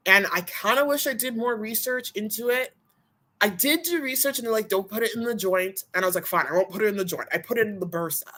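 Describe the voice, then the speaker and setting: A woman's voice: medium pitch, quick pace, pushed and bright. A young adult woman chatting casually on a live stream, rambling and candid, still a bit out of breath. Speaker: vlogger.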